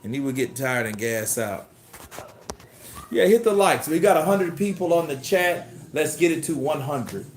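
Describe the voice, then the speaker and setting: A man hosting a livestream of boxing commentary, talking in an animated, profane and excitable way. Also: on the high side, moderate pace, slight background noise. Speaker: host. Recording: roomy echo.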